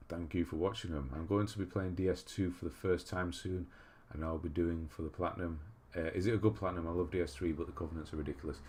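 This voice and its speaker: A man from England hosting a livestream in a casual, chatty way, reading viewer messages aloud and laughing at himself. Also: sits low. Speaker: livestream host reading chat.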